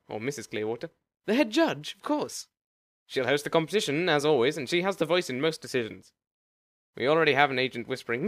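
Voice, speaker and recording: A man's voice: mid-range voice, a bit bright, no echo, studio quality, natural voice. Man doing a suave afterlife agent. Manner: polished salesman patter, formal. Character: smooth, courteous male afterlife agent.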